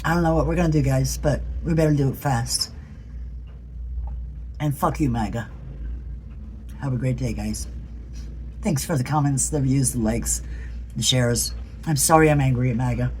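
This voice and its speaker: A woman's voice: extremely low pitch, moderate pace, pauses often, darkish tone, a little hiss or hum, poor audio. A woman from the United States talking in an impassioned political vlog, blunt and earnest, swearing freely. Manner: earnest, pleading. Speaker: political vlogger.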